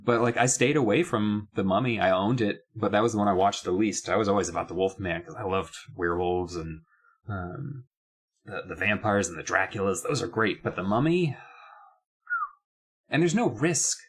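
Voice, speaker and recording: A man's voice: lowish voice, normal speed, slightly rough. A man co-hosting a casual podcast about a kids' horror book, rambling and restarting, with mock-outraged asides. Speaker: podcast co-host. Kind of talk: casual book-club chat.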